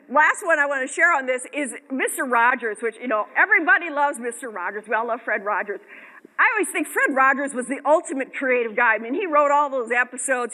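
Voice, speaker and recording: A middle-aged woman gives an earnest motivational talk to a women's group and shares research with real feeling. Her voice sits a little high and has a bright, sharp edge. She sounds like a broadcast, with a long reverb from a large hall. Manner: earnest, expressive, quotes research.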